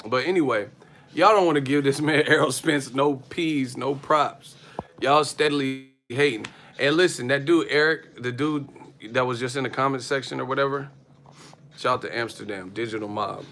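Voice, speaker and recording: A man hosting a boxing livestream who tells stories in a loose, profane, animated way and laughs often. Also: mid-range voice, moderate pace. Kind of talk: casual livestream rant.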